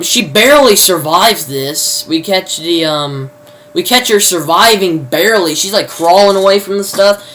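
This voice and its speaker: A man's voice: fairly high pitch, a bit bright, a little hiss or hum, poor audio. Rambling casual male show reviewer. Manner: rambling, heavy use of "you know" fillers; informal, mild swearing substitutes. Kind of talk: casual spoken recap.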